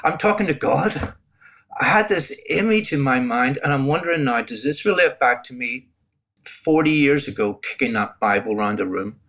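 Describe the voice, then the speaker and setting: A man's voice: medium pitch, lively intonation, moderate pace, fairly bright tone. An older man with a Northern Irish accent, telling his personal testimony in an earnest, reflective way as an interview guest. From Northern Ireland. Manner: earnest, reflective storytelling with frequent restarts.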